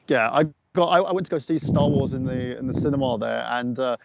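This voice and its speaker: Gravelly English man, profane storyteller. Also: mid-range voice, fairly quick, muffled recording. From England. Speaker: podcast guest, former wrestler. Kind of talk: casual podcast chat.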